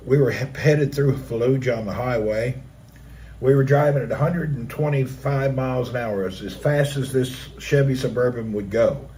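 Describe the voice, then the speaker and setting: A middle-aged man on his live stream, telling a personal story with animated energy and acting out the action with vocal sound effects. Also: medium pitch, moderate pace, a little hiss or hum.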